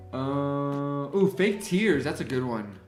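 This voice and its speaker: Man, livestream host, casual chat while designing, thinks aloud, slow easygoing delivery, roomy room with faint music. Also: on the high side, darkish tone.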